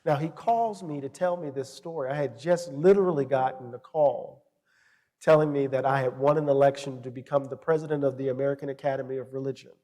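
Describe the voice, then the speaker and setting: A man's voice: mid-range voice, a little fast. A middle-aged man speaking as a guest scholar in an interview, telling stories with passion and reflecting aloud. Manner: passionate storyteller, animated and reflective. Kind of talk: interview conversation. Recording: reverberant hall.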